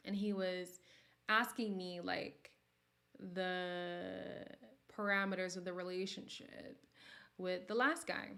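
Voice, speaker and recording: A woman hosting a casual livestream, reading viewer comments and talking frankly, her voice jumping from loud outbursts to soft near-whispers. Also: mid-range voice. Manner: candid and sassy, swings between loud bursts and near-whispers. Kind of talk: casual chat.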